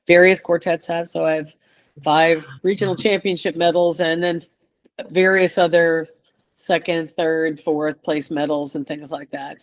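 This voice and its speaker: An older woman guest chatting in a relaxed way, telling lively stories and laughing often. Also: lowish voice. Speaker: guest chorus singer. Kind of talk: casual storytelling chat.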